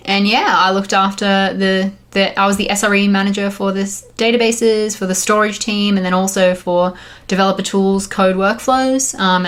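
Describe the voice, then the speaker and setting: A woman's voice: medium pitch, fairly bright tone. An Australian woman in her thirties gives an online conference presentation. Her voice sits in a middle register, and her delivery is friendly and enthusiastic. She talks loosely, with plenty of ums and conversational asides. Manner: upbeat and chatty, with frequent fillers. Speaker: site reliability engineer giving a conference talk.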